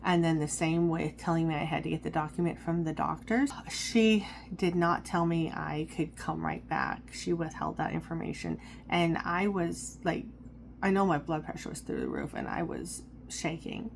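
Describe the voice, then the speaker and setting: A woman's voice: sits low, expressive, normal speed, vocal fry, a little hiss or hum. A woman vlogging from a parked car into a phone camera, talking candidly and rambling, with fillers and the odd swear word. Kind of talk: candid personal vlog.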